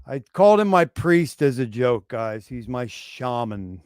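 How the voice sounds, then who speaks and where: A man hosting a casual livestream, talking in a profane, animated way and acting out mocking voices. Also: medium pitch, unhurried, smooth, no room sound, studio quality. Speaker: podcast host.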